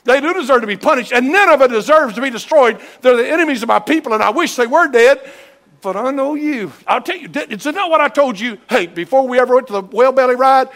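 A man preaching a sermon in a church, animated, acting out voices and shouting at peaks. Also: very high voice, quick pace. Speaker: pastor. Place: church sanctuary.

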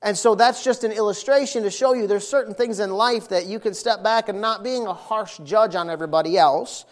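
A middle-aged man preaching a sermon, telling stories in a lively, folksy way and hammering points home with repetition. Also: high-pitched, brisk. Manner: animated, folksy storytelling with emphatic repetition.

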